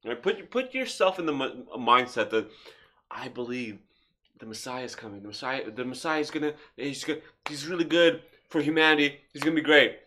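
A man hosting a casual podcast, animated, swearing freely and firing off rhetorical questions. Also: medium pitch, a little fast, a little hiss or hum. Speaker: podcast host.

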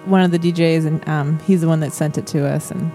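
A woman's voice: low-pitched, fairly even intonation, brisk, mellow, soft background music, poor audio. A woman with a Minnesota accent co-hosting a casual podcast. She chimes in with short, agreeable remarks. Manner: brief, agreeable interjections. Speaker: podcast co-host.

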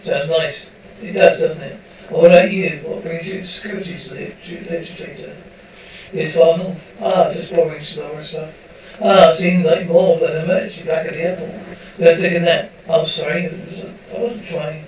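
A man speaking in the hurried, overlapping dialogue of a screen drama. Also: on the high side, steady tone, natural voice. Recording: roomy, distant, dull audio with faint hiss.

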